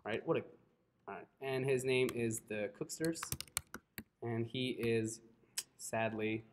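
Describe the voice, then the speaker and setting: Slow-talking male coding instructor. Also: medium pitch, a little hiss or hum. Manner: keeps checking in with "right?" and apologizes a lot. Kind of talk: live classroom coding lecture.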